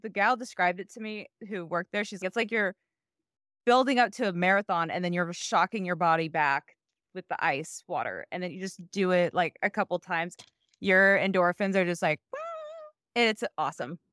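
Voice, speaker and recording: A woman co-hosting a podcast over a remote call, chatting casually, excitable and swearing freely. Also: lowish voice, moderate pace, no room sound, clean studio sound. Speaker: podcast co-host.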